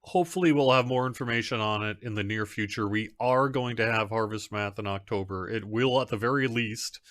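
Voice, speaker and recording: A man's voice: on the low side, brisk, fairly bright tone, no echo, clean studio sound. A man, the community manager of a game, hosting a casual live stream from home; he rambles conversationally, with fillers and restarts. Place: home setup.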